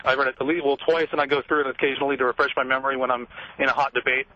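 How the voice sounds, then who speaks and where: Young male caller, rapid and passionate, dull muffled phone sound. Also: mid-range voice, flat delivery, pushed and bright, a little hiss or hum. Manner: earnest, passionate, fast-talking. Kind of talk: radio call-in.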